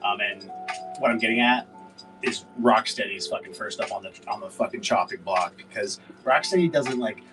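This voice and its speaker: A man's voice: on the low side, normal speed, recorded from a distance, music in the background, low-quality recording. A man hosting a casual livestream, rambling and cursing with lots of fillers. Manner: rambling, profane, filler-heavy. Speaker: livestream seller host.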